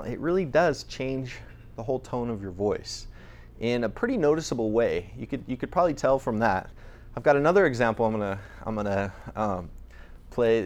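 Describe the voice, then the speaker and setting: A man's voice: mid-range voice, a little mellow. Male presenter, mid-range voice, casual conversational lecture delivery. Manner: chatty, conversational, with frequent restarts.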